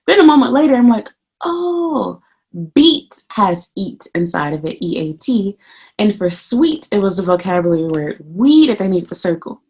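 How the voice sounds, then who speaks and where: A woman vents to the camera in a casual vlog. She curses freely and tells the story in an animated way, voicing her own remarks out loud. Her voice sits at a medium pitch. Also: slightly rough. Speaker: English teacher in Japan.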